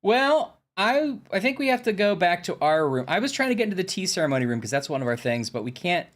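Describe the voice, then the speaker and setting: A man's voice: high-pitched, big pitch swings, fast talker, a bit bright. A man chatting casually and joking while playing a video game on stream. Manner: joking, loose, playful asides.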